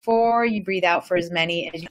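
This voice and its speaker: A woman's voice: lowish voice, a little fast. Chatty woman hosting a wellness stream. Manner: chatty, rambling, enthusiastic. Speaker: wellness host. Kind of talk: casual live-stream chat.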